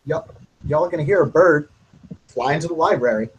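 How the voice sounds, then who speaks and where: A man's voice: on the high side, fairly quick, muffled recording, a little hiss or hum. An easygoing man playing a tabletop game, checking details and apologizing. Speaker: player.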